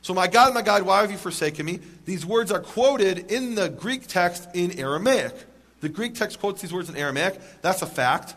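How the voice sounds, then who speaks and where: A man's voice: high-pitched, animated, moderate pace, a bit bright. A man giving a lecture to a live audience, emphatic, asking rhetorical questions and making wry jokes.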